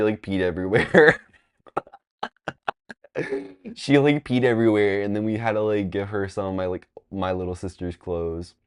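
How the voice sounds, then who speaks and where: A young male vlogger rambles through a casual storytime full of fillers, his tone clean. Whenever he quotes someone, he jumps into a high, loud voice.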